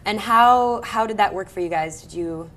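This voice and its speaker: A woman's voice: medium pitch, normal speed, fairly bright tone. A woman hosting a live cast and crew Q&A, asking hesitant questions with many fillers. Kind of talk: live panel interview.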